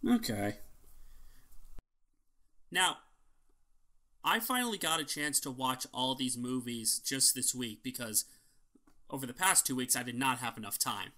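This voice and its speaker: A man's voice: mid-range voice, lively intonation, unhurried, long pauses, pushed and bright. A man co-hosting a podcast in casual chat, opinionated and ranting, swearing freely. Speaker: podcast co-host.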